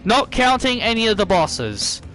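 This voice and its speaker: A man's voice: high voice, very animated, measured pace, a bit bright, soft background music. A man streaming a video game, chatting casually and rambling, often repeating and correcting himself. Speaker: gaming streamer. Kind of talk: casual gameplay commentary.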